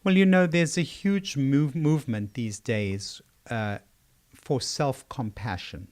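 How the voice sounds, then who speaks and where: A man's voice: medium pitch, slow, a little mellow. An older man from South Africa with a South African accent, a psychiatrist answering interview questions in a thoughtful, storytelling way. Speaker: psychiatrist guest.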